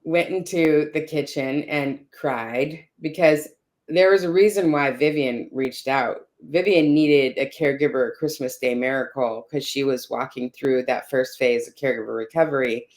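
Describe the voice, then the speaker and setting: A woman's voice: rumbling low, fairly even intonation, normal speed, darkish tone. A woman telling a personal caregiving story in conversation, checking in often with "you know" and "right?". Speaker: caregiver sharing her story.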